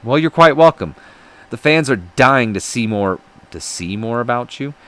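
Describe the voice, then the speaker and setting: A man's voice: mid-range voice, expressive, moderate pace, fairly bright tone, close to an everyday voice. A man voicing a polite male backstage interviewer in a wrestling game, in an announcer-like way.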